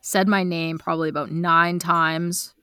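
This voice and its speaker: Bright-voiced woman with a Latin lilt. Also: lowish voice, measured pace, clear, resonant tone, dry recording. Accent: light Mexican Spanish. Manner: animated, laughs often, swears casually. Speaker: podcast guest. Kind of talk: casual chat.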